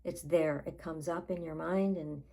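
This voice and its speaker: A woman life coach guiding a tapping session, talking in a calm, unhurried way and pausing between phrases. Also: low voice, gravelly, poor audio.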